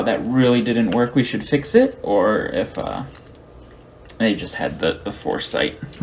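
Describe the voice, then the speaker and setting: Man, live streamer, casual chat, thinks aloud, lively pitch, middle-pitched voice. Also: a little hiss or hum. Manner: thinks aloud, chatty, answers viewers' chat.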